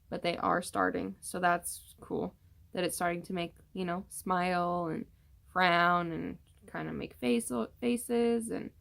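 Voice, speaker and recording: A woman's voice: fairly low pitch, gravelly. A young woman casually chatting through a pregnancy update vlog, rambling with many fillers and tired from yawning. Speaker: vlogger.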